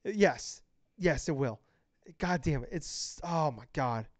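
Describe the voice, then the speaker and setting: A young man co-hosting a casual podcast, gushing and excitable, swearing freely. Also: a little high, slow pace, dry recording. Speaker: podcast co-host. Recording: dry, dull lo-fi podcast mic.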